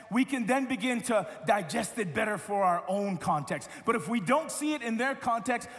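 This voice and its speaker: A man preaching a sermon as a pastor, telling stories with lively quoted voices and many repeated words. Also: high-pitched, big-room sound.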